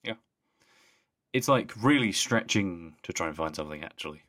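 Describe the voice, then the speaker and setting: A man co-hosting a podcast in casual chat, relaxed and a bit hesitant, laughing easily. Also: deep voice, normal speed. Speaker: podcast co-host.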